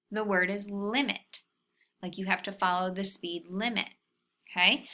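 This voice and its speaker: Woman, phonics teacher for little kids, unhurried, bright clear tone. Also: medium pitch. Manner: slow, patient, sounding out syllables. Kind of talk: phonics lesson for young children.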